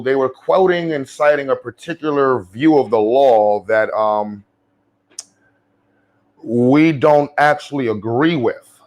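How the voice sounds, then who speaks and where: A man's voice: medium pitch, slow, a little mellow, muffled recording. A man with a New York accent talks straight to the camera in casual, heavily profane commentary. He speaks bluntly and drawls his points, using plenty of street slang in a mid-range voice. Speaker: commentary vlogger.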